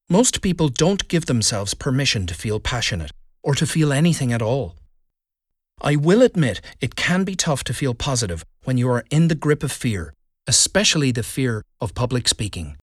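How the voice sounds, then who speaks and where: Male speaking coach, scripted lesson, lively pitch, keywords stressed, dry booth sound. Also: dry recording. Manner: deliberate, emphatic delivery with stressed keywords. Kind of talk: scripted instructional narration.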